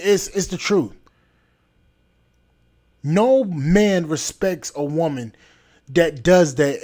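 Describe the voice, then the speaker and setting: Male podcast host, higher-pitched, blunt scolding rant delivery. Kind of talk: opinion rant.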